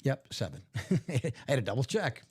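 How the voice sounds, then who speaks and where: A man hosting a live card break stream, upbeat and jokey, reading out names and spots quickly. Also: medium pitch, very animated, darkish tone, breathy edge.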